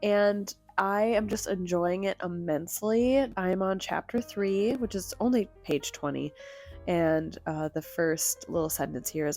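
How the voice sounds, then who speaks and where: Chatty young woman with a lowish voice. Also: unhurried, darkish tone, soft background music. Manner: chatty, informal, addresses viewers as y'all. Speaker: book vlogger. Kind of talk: casual vlog chat.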